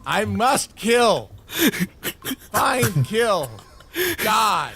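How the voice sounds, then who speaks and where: A high, halting forest barbarian. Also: male voice, big pitch swings, sharp tone, husky, soft background music, full character voice. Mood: grave, solemn. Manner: halting caveman speech, one or two words at a time. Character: forest-raised barbarian man, simple and fierce. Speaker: player.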